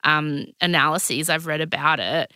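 Aussie woman gabbing on a podcast, bright voice, super dry close sound. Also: sits low, unhurried, clean tone, dry recording. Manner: animated, chatty, lots of fillers and voices. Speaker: podcast co-host. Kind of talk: casual chat.

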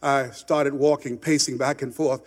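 A man from Miami giving an impassioned motivational speech, repeating words for emphasis and dropping to a hush for stories. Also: mid-range voice, fairly even intonation, a little slow, big-room sound. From Miami, United States. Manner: emphatic, repeats words, swings from loud to hushed storytelling. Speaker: motivational speaker.

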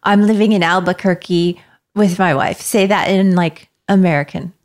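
A woman's voice: on the low side, fairly even intonation, normal speed, darkish tone. A woman co-hosting a podcast, chatting casually and playfully, encouraging the guest. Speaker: podcast co-host.

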